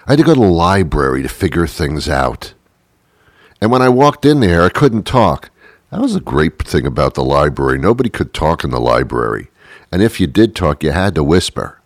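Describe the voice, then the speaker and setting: Deep-voiced man, rambling and sarcastic. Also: sing-song, moderate pace, no echo, studio quality. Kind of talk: comedic monologue.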